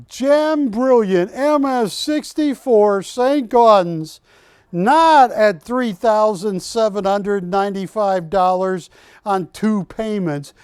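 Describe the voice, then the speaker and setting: A man's voice: sits high, a little mellow, smooth, dry recording, studio quality. An older man hosting a live shopping show, joking with staff and urging callers on. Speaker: shopping channel host. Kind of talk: live TV sales pitch. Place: TV studio.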